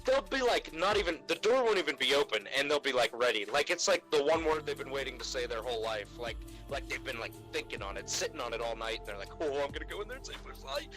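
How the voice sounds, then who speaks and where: A man's voice: medium pitch, expressive, quick pace, hardly any pauses, over music, poor audio. A young man on a podcast, ranting in casual chat about customers at work. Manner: exasperated ranting, mock voices for customers. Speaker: podcast co-host. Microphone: remote call mic.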